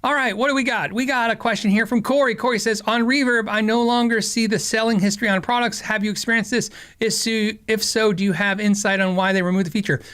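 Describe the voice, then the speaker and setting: Animated rambling man hosting a podcast. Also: sits high, fast talker, few pauses, smooth. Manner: rambling, laughs often, animated quoting. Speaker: podcast host. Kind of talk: casual storytelling chat.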